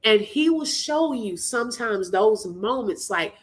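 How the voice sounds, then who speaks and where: Brief: woman livestream host, emotional and prayerful, voice slightly high. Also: expressive, a little slow. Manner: preaching cadence, laughing through tears. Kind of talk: emotional faith-filled livestream talk.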